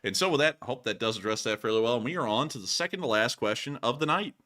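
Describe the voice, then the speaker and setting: A man's voice: medium pitch, expressive, fast, bright, forceful tone. A man hosting a live-streamed war news show, answering viewer questions in casual chat, laughing often and joking loosely.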